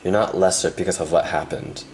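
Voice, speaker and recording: A young man with a deep, low voice gives a pick-a-card tarot reading, speaking softly and earnestly to the viewer. He leaves pauses between thoughts and turns emotional at times. A faint hum runs under the recording. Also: steady tone. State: emotional, close to tears. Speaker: tarot reader.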